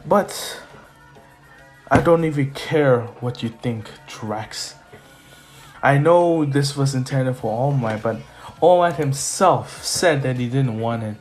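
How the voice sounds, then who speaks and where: A man's voice: mid-range voice, takes it slowly, darkish tone, soft background music, lightly acted. A man voicing a determined young male hero, speaking defiantly.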